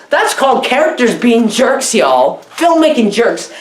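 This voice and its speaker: A woman rambling through a silly comedic movie review. Her voice sits a little high, she keeps circling back to the same catchphrases with mock-serious confidence, and the room around her rings with echo. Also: sing-song, measured pace, slight background noise. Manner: rambling, repeats "what? what?" and "y'all".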